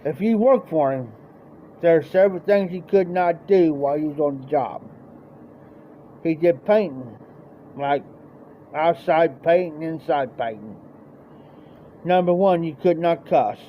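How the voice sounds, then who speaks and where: A man's voice: on the high side, lively intonation, unhurried, long pauses. A man with a Midwestern American accent telling a rambling, folksy story on a live stream and acting out the voices of the people in it. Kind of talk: casual storytelling. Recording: dull lo-fi stream audio, faint noise.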